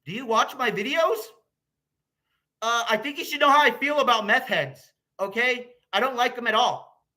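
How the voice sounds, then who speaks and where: A man's voice: very high-pitched, normal speed, sharp tone. An American man ranting in a rambling, profane vlog, swearing constantly and getting heated. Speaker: YouTuber.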